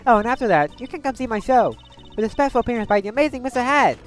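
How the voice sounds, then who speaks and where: A woman's voice: on the high side, lively intonation, racing, soft background music, voice pushed up, lightly acted. A woman voicing a cheerful, bubbly teenage girl magician. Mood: playful. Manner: bubbly and bright.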